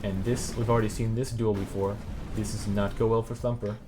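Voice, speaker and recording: Laid-back low-voiced man commentating a game. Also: little pitch movement, fairly quick. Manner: chuckling, loose, trailing off into fillers. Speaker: tournament host and commentator. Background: background music.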